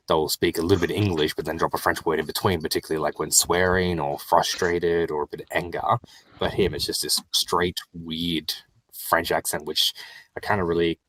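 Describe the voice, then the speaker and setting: A man joining a casual movie review chat, speaking in a relaxed, measured way. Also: low-pitched, a little hiss or hum. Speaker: podcast guest.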